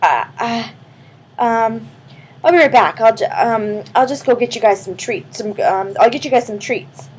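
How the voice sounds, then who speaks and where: A woman's voice: medium pitch, expressive, normal speed, slight background noise, natural voice. A woman voicing a grumpy, mean old neighbor man. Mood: flustered. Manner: gruff, later stammering and nervous.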